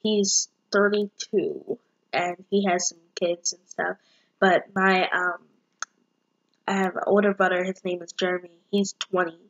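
A woman's voice: on the low side, fairly even intonation, measured pace, highs cut off. A young woman in her late teens chatting casually to camera with a bubbly, rambling manner and many fillers. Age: young adult. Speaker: vlogger.

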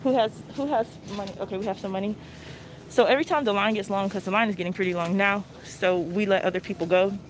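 A woman chats to her viewers while filming a live shopping vlog on her phone, calling them y'all. Her voice sits at a middle pitch for a woman. Faint store noise runs behind her. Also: steady tone, quick pace. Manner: chatty, addresses viewers as y'all. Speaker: couponing vlogger. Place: inside a discount store. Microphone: phone held while walking.

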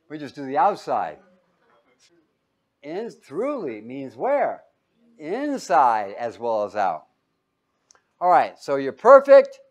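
A man teaching a Bible lesson as a sermon, joking and quizzing his listeners. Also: medium pitch. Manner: jokey, asks the audience questions; lively, swings between loud and quiet.

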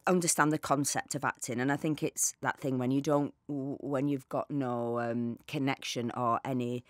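Animated actress, dry close mic. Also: female voice, rumbling low, moderate pace, no room sound. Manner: animated storyteller, acts out quoted voices. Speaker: actor and podcast guest. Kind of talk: casual interview chat.

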